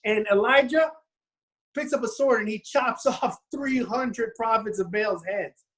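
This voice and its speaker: A man's voice: sits high, a little slow, a bit bright. A man on a casual podcast retelling a Bible story, often restarting his sentences and acting out the quotes. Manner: rambling storyteller, frequent restarts and acted quotes.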